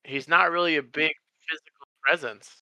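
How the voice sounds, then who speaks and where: Bright, animated man reviewing a movie. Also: moderate pace, dry recording. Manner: animated, acts out characters with big pitch jumps. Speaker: podcast co-host. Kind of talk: casual movie review chat.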